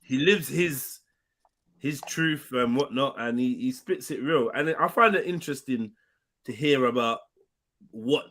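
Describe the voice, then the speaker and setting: A man's voice: medium pitch, unhurried, fairly bright tone. A British man hosting a live chat, joking and teasing with street slang. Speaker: host. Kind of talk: casual live-stream chat.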